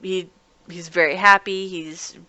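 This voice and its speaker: Female anime reviewer, clear resonant voice, chatty casual recap, slips into character lines. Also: lowish voice, steady tone, a little slow, pushed and bright, no room sound. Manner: chatty, restarts often, acts out characters' lines.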